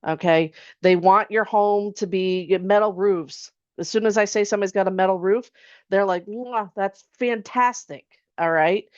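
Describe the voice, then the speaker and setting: A woman's voice: medium pitch, steady tone, normal speed, clean tone, dry recording. A woman insurance agent presenting an online webinar in a conversational way. She often checks in with "okay?" and asks rhetorical questions. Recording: dull lo-fi online webinar audio.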